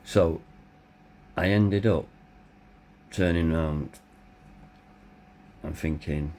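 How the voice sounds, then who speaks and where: A middle-aged man telling his own story in a blunt, candid way, swearing freely, his voice tired and hoarse. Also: extremely low pitch, very slow, long pauses, warm tone, slight background noise. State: hoarse, voice tiring. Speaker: vlogger. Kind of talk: personal storytelling.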